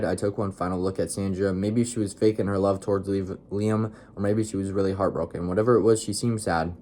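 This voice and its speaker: A man's voice: sits low, steady tone, fairly quick, hardly any pauses, warm tone. A tired man reading his own story aloud in a casual way and mocking his own writing with joking asides.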